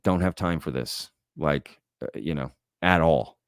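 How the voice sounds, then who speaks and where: A man's voice: a bass voice, measured pace, vocal fry, clear, resonant tone, no echo, clean studio sound. A man hosting a live stream, reading chat comments aloud and lecturing bluntly. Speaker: host.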